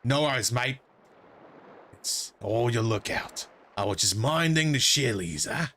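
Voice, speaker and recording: A man's voice: medium pitch, lively intonation, a little slow, pushed and bright, a little hiss or hum. A man voicing a rowdy, foul-mouthed male dolphin in a put-on Australian accent, brash and slangy.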